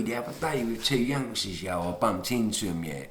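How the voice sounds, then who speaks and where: A man's voice: fairly low pitch, lively intonation, moderate pace, hardly any pauses. A man delivering a bitter, contemptuous ranting monologue. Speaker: speaker giving a talk. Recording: echoey room.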